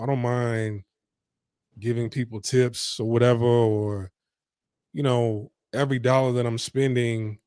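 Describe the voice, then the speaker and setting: Smooth-voiced man hosting a chat. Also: mid-range voice, a little mellow, no echo, clean studio sound. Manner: conversational, emphatic, filler-heavy. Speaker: podcast host. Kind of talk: casual interview chat.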